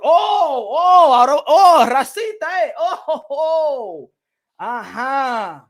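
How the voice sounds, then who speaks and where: Fiery high-voiced man ranting on a livestream. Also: big pitch swings, measured pace. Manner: fiery, switches between Spanish and English; repeats himself for emphasis. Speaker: boxing channel host. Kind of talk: livestream rant commentary.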